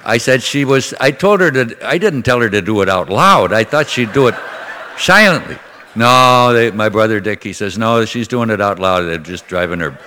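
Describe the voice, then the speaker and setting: Older male priest from the Midwest, low voice, folksy storytelling sermon, echo of a big hall. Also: moderate pace, few pauses, sharp tone, a faint crowd, a little hiss or hum. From Minnesota, USA. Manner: conversational and folksy, acts out voices in anecdotes.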